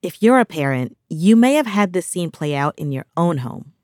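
A woman hosting a podcast, who narrates from a script in a measured way and responds to her guest in a relaxed way. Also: lowish voice, no echo, clean studio sound. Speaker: podcast host.

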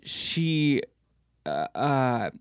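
A man in casual conversation, speaking quietly and asking follow-up questions, his voice trailing off at times. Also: mid-range voice, sing-song, extremely slow, clean tone, no room sound, clean studio sound.

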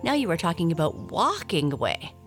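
A woman's voice: fairly low pitch, wildly swooping pitch, fairly quick. A woman voicing a curious young female black cat in a storybook, asking eager, wide-eyed questions. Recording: clear music behind voice.

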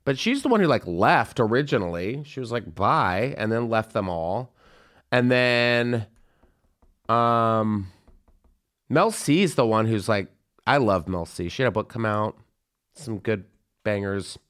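Male podcast host, animated gossip, smooth resonant tone. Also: on the low side, a little slow, pauses often. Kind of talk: casual chat.

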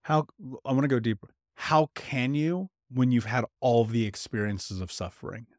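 A man hosting a podcast interview, reflective and measured, with casual swearing. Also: mid-range voice, darkish tone, dry recording, studio quality. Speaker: podcast host. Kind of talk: conversational interview.

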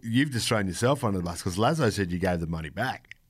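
A man hosts in a low, relaxed voice. He teases his guest and laughs along. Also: fast talker, breathy edge. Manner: teasing, laughing. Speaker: podcast host. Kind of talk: casual interview.

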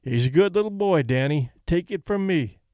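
A man reading an audiobook, voicing a gruff male boxing manager with a defensive, matter-of-fact manner. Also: fairly high pitch, animated, normal speed, warm tone, no echo, natural voice. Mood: reassuring.

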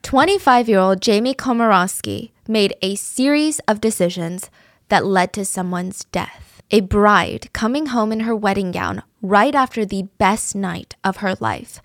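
A woman's voice: medium pitch, unhurried, no room sound, clean studio sound. A woman podcast host narrating a true-crime story in a casual, chatty way.

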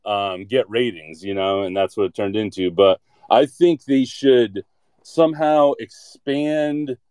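Rambling guy, smooth dry voice. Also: fairly low pitch, a little slow, a little mellow, no echo. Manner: rambling with many fillers, blunt and jokey. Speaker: podcast segment contributor. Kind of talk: casual chat.

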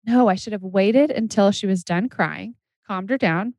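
This is a woman co-hosting a relaxed conversation. Her voice is mid-pitched and recorded dry. She tells quick, chatty anecdotes with a few laughs mixed in. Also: no echo. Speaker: podcast co-host. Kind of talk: casual chat.

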